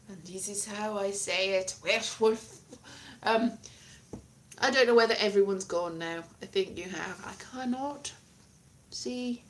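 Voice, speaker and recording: Woman host, playful rambler on a live stream, light bright voice. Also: on the high side. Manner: chatty, playful, trails off and restarts. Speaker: livestream host. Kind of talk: casual rambling livestream chat.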